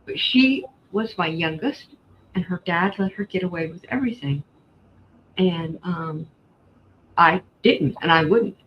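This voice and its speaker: A woman's voice: on the low side, lively intonation, measured pace. Middle-aged lady, blunt storyteller, kinda dull stream audio with a little hiss. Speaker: host. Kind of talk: casual chat while crafting. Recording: slightly dull stream audio, faint background noise.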